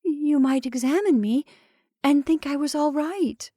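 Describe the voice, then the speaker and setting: A woman voicing a meek, sly wife who talks softly in a high, plaintive voice. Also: unhurried, no room sound, clean studio sound.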